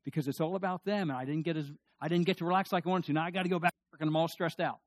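Folksy, animated male preacher. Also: fairly high pitch, very fast, dry recording. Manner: folksy, animated storytelling with asides. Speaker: pastor. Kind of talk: sermon.

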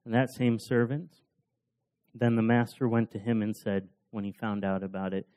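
A man's voice: on the low side, level tone, normal speed, darkish tone, lo-fi sound. A man preaching a sermon, retelling parables in a casual, conversational storytelling manner. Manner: casual storytelling with fillers and restarts.

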